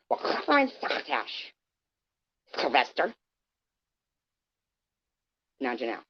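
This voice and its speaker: Low-voiced, combative woman in her fifties. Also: very animated, takes it slowly, pauses often, highs cut off. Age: 50s. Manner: sarcastic, combative, addresses viewers by name. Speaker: live streamer. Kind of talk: confrontational livestream rant.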